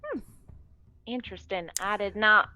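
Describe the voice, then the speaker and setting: A woman playing a tabletop game, animated and exclamatory, often slipping into her character. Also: medium pitch, unhurried, dull audio. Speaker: player.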